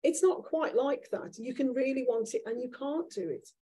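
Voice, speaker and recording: A woman author at a live event, candidly telling a self-deprecating story from her own life in a lively, conversational way. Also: sits high, moderate pace, slightly rough, rough recording. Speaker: author guest at a live talk. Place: event room with an audience.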